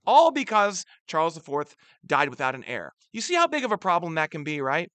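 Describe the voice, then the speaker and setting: Guy teaching history off a map, bright voice, super animated, keeps asking "right?", dry close sound. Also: a little fast, few pauses, no room sound. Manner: chatty, asks rhetorical questions and checks in with "right?"; lively, punches key words louder and higher. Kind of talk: recorded lecture over a map.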